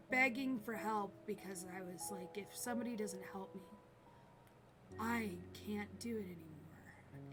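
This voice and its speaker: A woman streamer telling a personal story to camera in a halting, hesitant way, often pausing and restarting. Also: mid-range voice. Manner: halting, hesitant, with many pauses and fillers. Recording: clear instrumental music in background.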